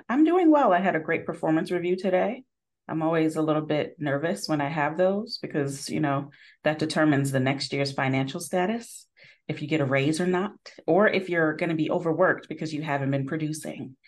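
A woman hosting a podcast in casual chat, telling stories with lively acted-out quotes. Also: sits low. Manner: lively storytelling, acts out quotes. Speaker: podcast host.

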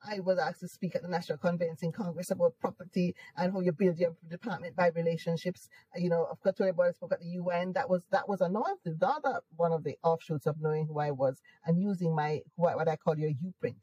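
A woman's voice: lowish voice, quick pace, few pauses, dark tone, breathy edge, highs cut off. A woman with a Jamaican accent, a guest in an interview, who talks emphatically and upbeat and laughs often. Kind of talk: casual conversational interview.

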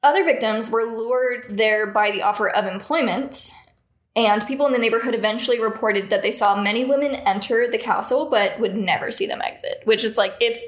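A woman's voice: fairly high pitch, roomy sound. A young woman co-hosting a casual podcast, telling stories with frequent laughter and swearing, recorded in a small room. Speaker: podcast co-host. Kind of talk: casual chat. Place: small hot room with lights and a computer.

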